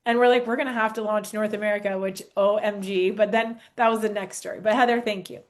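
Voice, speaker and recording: A woman in her forties giving an animated, earnest testimonial, talking straight to the audience. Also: mid-range voice, fast talker. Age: 40s. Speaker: network marketing speaker. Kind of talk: storytelling testimonial on stage.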